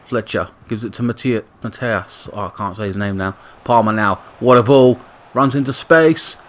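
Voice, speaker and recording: A man giving casual play-by-play commentary on a football video game, with excited bursts on attacks and chatty self-corrections. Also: on the low side, normal speed, slight background noise. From Britain. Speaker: gaming YouTuber commentating a football sim.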